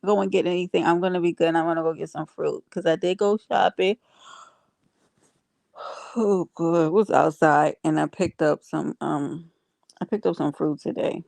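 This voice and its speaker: Woman on a late night stream just chatting w viewers, dark gravelly voice. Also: fairly low pitch, no room sound. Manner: chatty, talks to viewers and reads comments aloud. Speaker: livestream host. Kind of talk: casual livestream chat.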